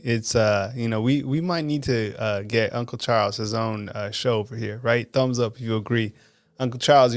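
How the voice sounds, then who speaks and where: Male show host, mid-pitched voice, dry close mic, loose and chatty, filler-heavy. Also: smooth, no room sound. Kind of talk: casual live-show hosting.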